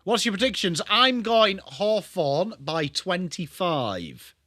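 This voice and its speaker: Excitable English man hosting live stream. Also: high voice, takes it slowly, dry recording, clean studio sound. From England. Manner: chatty, greets chat viewers by name, excitable. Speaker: livestream host. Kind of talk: live sports watchalong chat.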